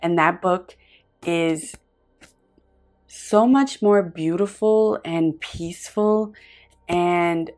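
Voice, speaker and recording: A low-voiced woman gives an earnest, effusive pick-a-card tarot reading. She pauses a lot and restarts sentences while searching for the right words, with soft music playing faintly in the background.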